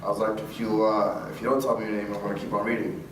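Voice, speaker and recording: A man's voice: on the low side, level tone, fast. Guy telling a story to a crowd, acts out the dialogue, laughs a lot, far off in a big echoey hall with room noise. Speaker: guest speaker. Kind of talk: storytelling talk to a live audience.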